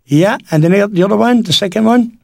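A man's voice: high-pitched, animated, brisk, gravelly, no room sound, clean studio sound. Chatty Irish local radio presenter, man. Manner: chatty, rambling, homely. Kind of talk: local radio shout-outs.

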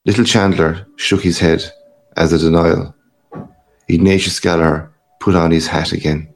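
A male narrator reads a story aloud at a measured, steady pace. His voice is very low and carries a gravelly fry. He keeps his delivery even and calm. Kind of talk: audiobook reading of a story.

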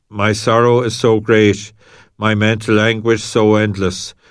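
A priest reading scripture and giving a homily in a measured, even voice. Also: male voice, fairly low pitch, clean tone, no echo, studio quality.

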